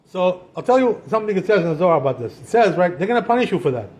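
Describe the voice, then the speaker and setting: Chatty rabbi. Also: male voice, high-pitched, rapid-fire. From Israel. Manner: chatty, peppers speech with "you know" and "right?"; animated, acts out quoted voices. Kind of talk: informal Torah talk.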